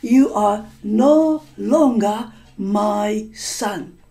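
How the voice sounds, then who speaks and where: A woman storyteller voicing a stern, angry father who is a count, scolding his son slowly and with emphasis. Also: sits high, mellow, heavily acted.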